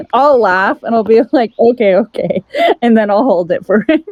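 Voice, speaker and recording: A woman's voice: a little high, big pitch swings, slow, no room sound, narrow, tinny audio. A woman playing in a tabletop game, chatting casually and laughing often. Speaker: player.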